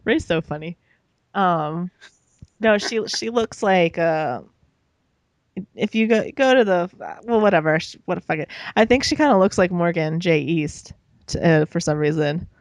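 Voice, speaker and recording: A woman's voice: on the low side, unhurried, no room sound, clean studio sound. Giggly young woman rambling on a podcast. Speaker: podcast co-host. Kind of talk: casual chat.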